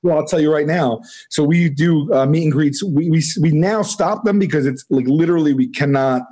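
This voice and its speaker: A man in his forties tells a long anecdote as a guest on a podcast. He rambles, restarts his sentences and breaks into laughter. His voice sits a little high for a man. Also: normal speed, warm tone. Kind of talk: casual storytelling.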